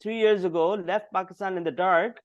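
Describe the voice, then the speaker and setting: A man's voice: high-pitched, steady tone, moderate pace, dry recording, lo-fi sound. A man giving blunt, indignant cricket commentary in a podcast discussion. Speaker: cricket pundit.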